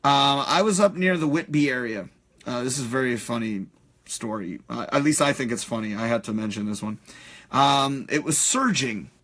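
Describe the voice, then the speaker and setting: A man hosting a live stream, ranting in a profane, animated way with many fillers. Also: mid-range voice, normal speed. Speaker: host.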